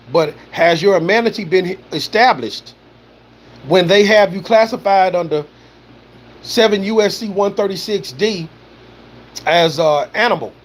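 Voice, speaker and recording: A man's voice: sits high, slight background noise. A man hosting a livestream, reading viewer comments and talking in a loose, rambling way, full of "you know" and "man" and swearing. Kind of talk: casual spoken commentary.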